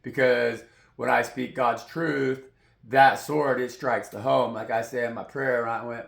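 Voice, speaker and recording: Male tarot reader, rambling profane sermonizing, gravelly mid-pitched voice, echoey room sound. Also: steady tone, unhurried, a bit bright. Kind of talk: rambling spiritual monologue.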